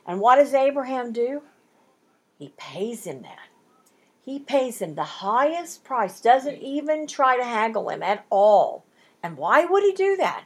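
A woman leads a Bible study with a lively, expressive delivery. Her voice sits high and a little breathy, and it swoops up and down as she acts out both sides of an old bargain. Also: takes it slowly. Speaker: Bible teacher. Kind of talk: animated Bible study teaching.

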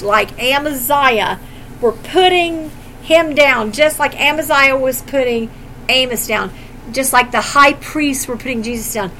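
High-voiced, animated woman Bible teacher. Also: a little hiss or hum, low-quality recording. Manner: animated, conversational, opinionated asides.

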